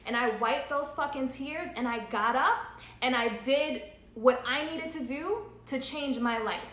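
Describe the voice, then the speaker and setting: A woman's voice: sits high, unhurried, fairly bright tone, echoey room. A woman in her thirties speaking earnestly on a livestream, repeating her points and laughing through emotion. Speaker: entrepreneur vlogger. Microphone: phone livestream.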